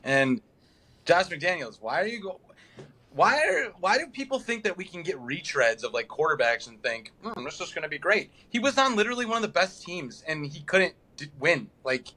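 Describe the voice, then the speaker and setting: A young man chatting football with friends on a podcast, rambling and animated. His voice is bright and sits a little high. He lapses into a flat mumble to mimic players. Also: moderate pace. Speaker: podcast co-host. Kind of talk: casual sports chat.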